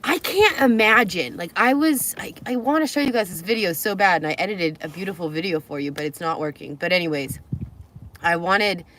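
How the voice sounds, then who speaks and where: A woman's voice: lowish voice, a little fast, a bit bright, slight background noise. A young woman from California, chatting and rambling in a casual travel vlog from the car she lives in, often laughing. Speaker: vlogger.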